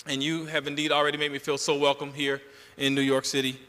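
A man with a Southern US accent, from Georgia, giving an energetic convention speech with a preacherly lilt. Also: fairly high pitch, fast. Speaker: national representative giving a convention address. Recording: long hall reverb.

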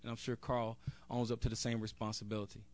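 A man addresses a convention from the podium, earnest and direct, stumbling now and then as he speaks without notes. His voice sits at an ordinary middle pitch. The sound is dry and close, with little room echo. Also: little pitch movement, quick pace, a little mellow. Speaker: convention speaker, national board member. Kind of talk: speech at a convention. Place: convention hall.

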